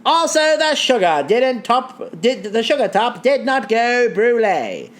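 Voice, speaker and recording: A woman's voice: on the high side, big pitch swings, a little slow. A woman putting on a hammy 1920s radio announcer voice, making grand proclamations with sarcastic asides. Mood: sardonic.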